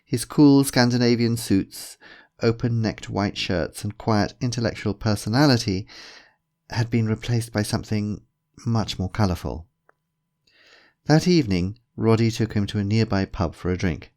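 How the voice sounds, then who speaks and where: A man reading a humorous story aloud in a measured, even storytelling manner. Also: lowish voice. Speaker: narrator. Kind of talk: scripted narration.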